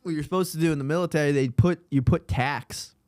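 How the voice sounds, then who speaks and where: A man co-hosting a comedy podcast, telling stories in a lively, laughing way. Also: fairly high pitch, fast, clean tone, no echo. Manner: lively storytelling, laughs often. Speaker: podcast co-host, comedy writer. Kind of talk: casual podcast banter.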